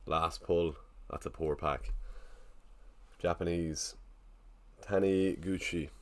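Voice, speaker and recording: A man's voice: low-pitched, fairly even intonation, slow. A man casually chatting on a live stream, thinking aloud and greeting viewers in the chat. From Ireland.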